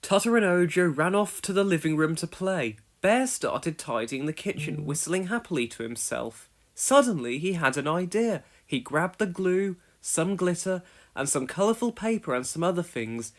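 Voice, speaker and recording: A woman narrating a children's storybook aloud with expressive storytelling. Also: fairly low pitch, moderate pace, hardly any pauses. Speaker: storybook reader.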